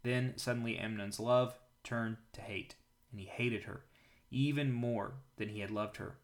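A man hosting a daily Bible reading, who prays and then reads scripture aloud in a calm, measured way. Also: mid-range voice.

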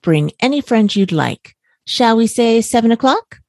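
A woman voicing a big, clever male dog in a storybook, courteous and genteel, higher than her reading voice. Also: lively intonation, a little slow, darkish tone, dry recording.

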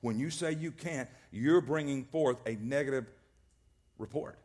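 A man's voice: mid-range voice, unhurried, a little mellow. A male pastor preaching a sermon, emphatic and repetitive, often restarting his words. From American South.

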